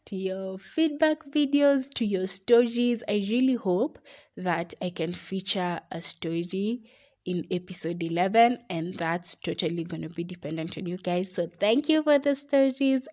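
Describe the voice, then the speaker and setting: A woman's voice: lowish voice, a little mellow. A young woman hosting a podcast, giving a chatty motivational talk and calling her listeners guys. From Kenya. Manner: chatty, addresses listeners as guys, many likes. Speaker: podcast host. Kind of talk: casual motivational monologue. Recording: dull lo-fi recording.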